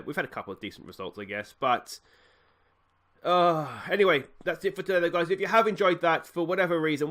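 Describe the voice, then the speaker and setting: A man's voice: a little high, fairly bright tone. Exasperated Australian man, game commentary. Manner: exasperated, grumbling, rambling with fillers; mock tirade at his players. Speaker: gaming channel host. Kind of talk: let's play commentary.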